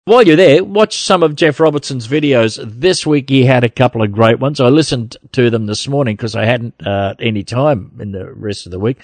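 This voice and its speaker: A man hosts a podcast in a blunt, combative way, laughing often. His voice sits at an ordinary pitch and is recorded dry and close. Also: moderate pace, few pauses, no echo. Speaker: podcast host. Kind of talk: casual podcast chat.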